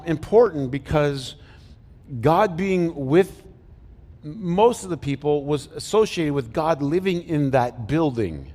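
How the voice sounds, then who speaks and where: A man's voice: medium pitch, darkish tone. A middle-aged male pastor preaching a conversational sermon, joking and asking the congregation questions as he goes. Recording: long hall reverb from a church sanctuary.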